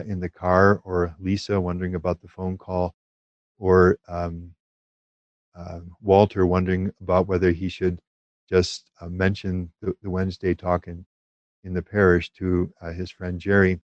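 Low-voiced man teaching on prayer. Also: dry recording, dull audio. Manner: calm, measured, with fillers and restarts. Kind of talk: spiritual teaching talk.

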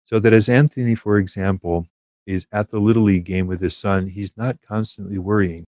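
Low-voiced man teaching on prayer. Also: fairly even intonation, darkish tone, dry recording, dull audio. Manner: measured, thoughtful, with frequent hesitations. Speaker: Catholic spiritual teacher.

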